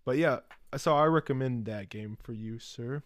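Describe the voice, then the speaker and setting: A man's voice: mid-range voice, moderate pace, no echo, clean studio sound. A man co-hosting a casual podcast chat, laid-back, swearing freely and laughing often. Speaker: podcast co-host.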